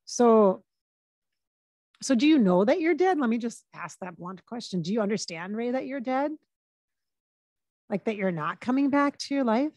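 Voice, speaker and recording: A woman working as a psychic medium, talking casually and relaying quotes in her own plain voice with frequent pauses and restarts. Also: fairly high pitch, expressive, darkish tone, no room sound. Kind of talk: casual channeling session monologue.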